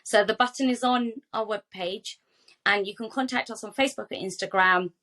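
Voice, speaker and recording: A woman who founded a charity, speaking as a guest on a podcast, telling warm stories with lots of quoted dialogue. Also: mid-range voice, fairly quick. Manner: animated, heartfelt storytelling with quoted dialogue. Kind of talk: podcast interview.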